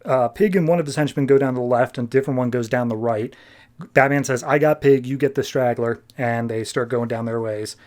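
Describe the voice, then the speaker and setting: A man's voice: mid-range voice, steady tone, a little mellow. A man hosting a podcast, casually recapping a comic story and loosely acting out the characters' lines. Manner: retells scenes quickly, acting out quotes loosely. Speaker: podcast host.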